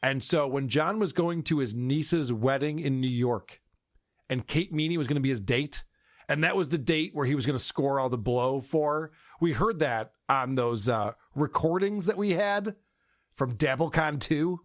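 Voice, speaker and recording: A man's voice: on the high side, moderate pace, no echo, clean studio sound. A man hosting a podcast, recapping a feud with crude, laughing sarcasm. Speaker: podcast host. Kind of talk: mocking podcast commentary.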